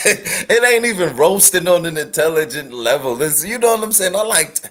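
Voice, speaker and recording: A man's voice: on the high side, lively intonation, moderate pace, a bit bright. A man hosting a live stream at home, giving casual reaction commentary with rambling, apologetic asides and laughter.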